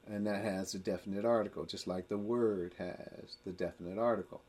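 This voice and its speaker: Guy doing bible teaching, husky voice, slow careful explaining that climbs into emphatic points. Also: low-pitched, steady tone, darkish tone. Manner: explains slowly, then builds to emphatic rising points.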